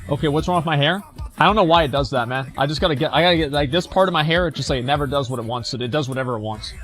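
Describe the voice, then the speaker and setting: Male streamer, slightly high voice, blunt, mocking, swears freely while reacting to posts. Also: rapid-fire, fairly bright tone, faint music behind. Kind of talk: reading and reacting to forum posts.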